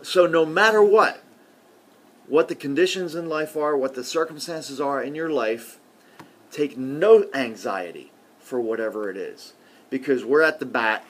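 Guy preaching a laid-back sermon, middle pitch, goes loud then drops real quiet, lots of see and okay. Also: slightly rough. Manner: conversational, with frequent "see" and "okay" asides; swings between loud emphasis and quiet murmurs.

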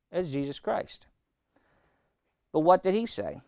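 A man preaching a sermon, emphatic and repetitive, quizzing his listeners and slowing down to read scripture. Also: high-pitched, expressive, smooth, dry recording, clean studio sound. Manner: emphatic, repeating phrases and asking the congregation questions; slows right down on scripture quotes.

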